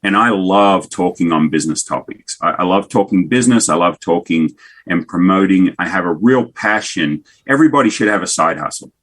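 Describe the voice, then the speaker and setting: A man's voice: sits low, brisk. A man in his fifties with an Australian accent, a business owner telling stories and jokes in a casual interview. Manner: jokey, animated storyteller. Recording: remote call.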